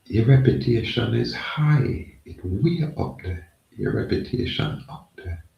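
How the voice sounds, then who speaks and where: A man's voice: lowish voice, lively intonation, unhurried, creaky, mellow, muffled recording. A man talking in a rambling, emphatic casual monologue, repeating himself. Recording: echoey, from far off the mic.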